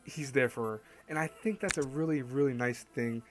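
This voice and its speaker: A man talks through an anime countdown in a loose, chatty way, often stopping to correct himself and laughing at his own slips. His voice sits in a middle pitch, with soft music faint behind him. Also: normal speed. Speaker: host. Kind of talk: casual anime list commentary.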